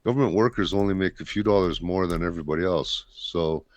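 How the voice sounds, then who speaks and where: A man's voice: deep voice, fast, no room sound. A man from Canada hosting a casual talk show, blunt and rambling in his opinions. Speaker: podcast host. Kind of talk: casual chat.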